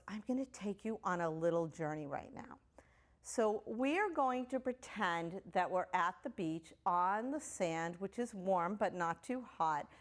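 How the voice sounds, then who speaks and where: A middle-aged woman leads children through a guided relaxation in a gentle, unhurried voice. She speaks softly at a medium pitch, giving slow, soothing instructions. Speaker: kids' yoga teacher. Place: indoors at home on a yoga mat.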